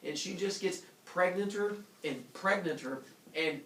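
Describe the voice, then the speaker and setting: A man's voice: high-pitched, a little slow, sharp tone. A man retelling a myth to a live group in a goofy, comic way, with laughs and sound effects. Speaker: storyteller. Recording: echoey room from a distant mic, faint noise.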